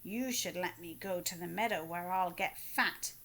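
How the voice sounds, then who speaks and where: A woman voicing a calm, clever middle billy goat who reasons in a steady voice. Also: normal speed. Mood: reasoning. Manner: steady and reasoning, raised pitch.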